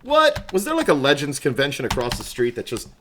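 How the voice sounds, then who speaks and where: A man's voice: mid-range voice, wildly swooping pitch, a little fast, noisy background. A man chatting casually on a game livestream, laughing often, greeting viewers by name, wired on coffee, with keyboard clicks behind. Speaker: livestream gamer.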